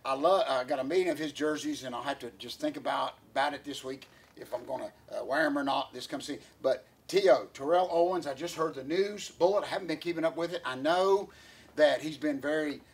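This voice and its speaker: A man co-hosting a casual podcast, his voice pitched high with a husky edge. He rambles and circles back, restarting his sentences and filling the gaps with "uh" as he goes. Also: fairly quick. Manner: rambling, many fillers and restarts, laughs often. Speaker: podcast co-host.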